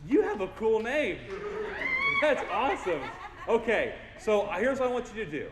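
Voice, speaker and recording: This motivational keynote comes from a young man whose voice sits slightly high for a male. Playful and goofy, he works the crowd with wide swings in pitch at an ordinary pace. Recorded from within a big hall, the audio has long, echoing reverb and lots of background noise.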